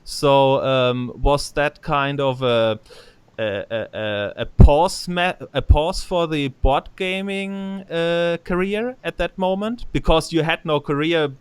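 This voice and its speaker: A man's voice: a little high, takes it slowly, clean tone, dry recording. A man with a German accent hosting a podcast interview, asking long questions that he restarts and rephrases often. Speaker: podcast host.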